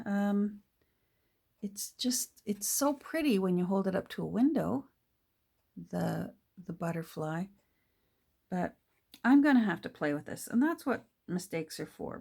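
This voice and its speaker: A middle-aged woman chatting casually while she crafts, full of fillers and restarts, sometimes dropping to a soft whisper. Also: on the low side, gravelly. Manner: drops to soft whispers when delighted. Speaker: crafting vlogger.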